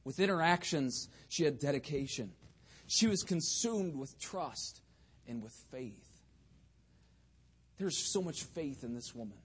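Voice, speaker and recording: A man preaching a sermon with fervour, swinging between loud bursts and quieter asides. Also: fairly high pitch, expressive, unhurried, pauses often, breathy edge.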